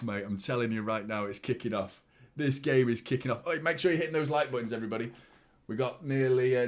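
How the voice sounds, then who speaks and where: A young man hosting a live football watchalong, rambling and swearing as he reacts to the match and chats to viewers. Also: mid-range voice. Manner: swearing, excitable, rambling with repeated words.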